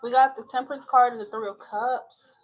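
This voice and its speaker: A woman's voice: on the high side, steady tone, a little fast. A woman giving a chatty tarot reading, frank and talkative, laughing often. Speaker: tarot reader.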